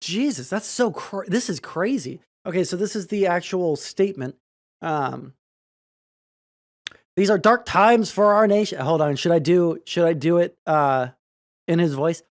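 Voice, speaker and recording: A streamer reacting to news clips live, sarcastic and prone to loud, swearing outbursts. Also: medium pitch, moderate pace.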